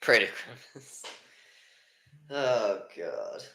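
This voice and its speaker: A man with a bright, forceful voice calls a baseball game live as a fan. He drops into low, exasperated muttering between pitches, then jumps up for the strikeouts. The room around him has a noticeable echo. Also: extremely slow. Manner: frustrated, swings between muttering and excited calls. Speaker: fan commentator. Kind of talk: live fan play-by-play commentary.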